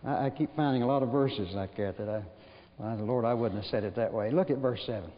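A man delivers a sermon at an ordinary middle pitch, telling homespun stories and putting questions to his congregation with light humor. The recording is dull and lo-fi, and his voice rings on in the long reverb of a large church. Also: fast talker, a little hiss or hum. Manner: folksy storytelling, rhetorical questions, gentle humor. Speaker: preacher.

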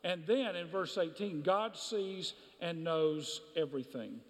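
High-voiced preaching man in a reverberant hall. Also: unhurried. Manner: emphatic preaching with repetition. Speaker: pastor. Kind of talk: sermon.

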